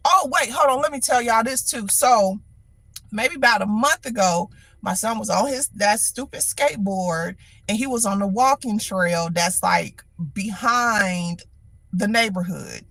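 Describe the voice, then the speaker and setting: A middle-aged woman hosting a livestream, telling a story in an animated, exasperated way with lots of repetition. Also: medium pitch, measured pace, no room sound. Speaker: livestream host. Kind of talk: casual venting monologue.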